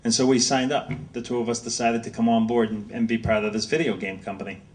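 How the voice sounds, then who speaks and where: A middle-aged man from Massachusetts, an author speaking at a book signing, telling rambling, animated anecdotes to an audience. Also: mid-range voice, quick pace. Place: bookstore event space. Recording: voice heard from a distance.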